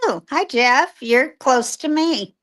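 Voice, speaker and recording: An older woman chatting as a guest on a video call, laughing often and greeting people warmly. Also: high voice, lively intonation, slow pace. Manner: giggly, warm greetings. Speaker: guest, former child actress. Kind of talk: casual interview chat.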